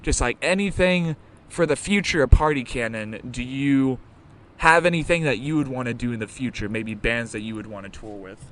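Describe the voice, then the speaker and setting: A man's voice: medium pitch, moderate pace, fairly bright tone, slight background noise. A young man hosting a live podcast interview, talking in a rambling, casual way with lots of fillers and swearing. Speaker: podcast host.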